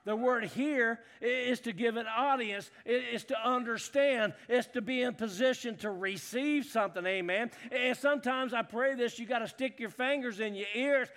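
A middle-aged man preaching a sermon in a folksy way, moving from low asides to loud shouts. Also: moderate pace, few pauses. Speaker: pastor.

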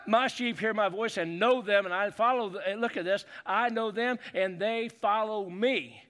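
A man preaching a sermon as pastor, calling on the congregation to answer and rising to shouts. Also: sits high, moderate pace. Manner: preachy call-and-response, building to shouts.

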